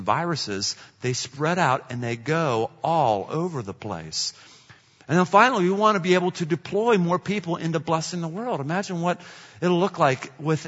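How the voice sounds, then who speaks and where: Bright, joking pastor in a hall. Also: male voice, high voice. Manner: energetic, joking, emphatic. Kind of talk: sermon. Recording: dull reverberant hall sound.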